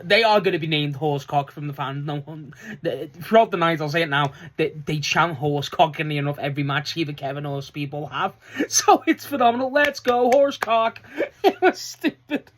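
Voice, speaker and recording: A wrestling fan reviewing last night's show in a loose, chatty vlog, swearing freely and laughing often, with the voice jumping up high when excited. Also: brisk. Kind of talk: casual solo review vlog.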